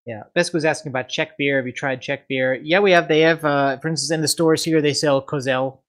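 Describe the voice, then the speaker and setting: Man, stream host, casual rambling chat, slightly high voice. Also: steady tone, a little fast, fairly bright tone. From United States. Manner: rambling, full of restarts.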